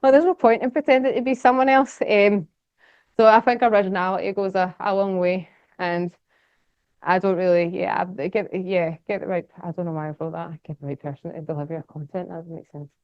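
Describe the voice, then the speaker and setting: A young Scottish woman, speaking as a guest at a society conference, gives a casual, enthusiastic talk that rambles with lots of fillers and laughter. Her voice is lowish and fairly even, and she speaks briskly on a dry recording that sounds a little dull.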